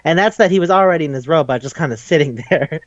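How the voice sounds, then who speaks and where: A man's voice: on the high side, fast, dry recording, lo-fi sound. A man casually retelling a cartoon episode, swearing, laughing and jumping into the characters' voices. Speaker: podcast host. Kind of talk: casual recap chat.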